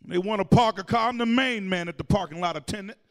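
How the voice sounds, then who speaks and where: High-voiced preacher in a reverberant church. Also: male voice, fast. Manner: call-and-response preaching, shouting and singing phrases. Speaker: pastor. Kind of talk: sermon. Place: church sanctuary.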